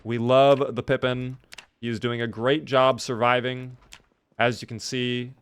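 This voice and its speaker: A man streams a game live, keeping up a joking, talkative running commentary. He thanks followers by name and banters with his chat. His voice sits at a middle pitch. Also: flat delivery, unhurried, smooth. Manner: playful, chatty, talks to chat and thanks viewers.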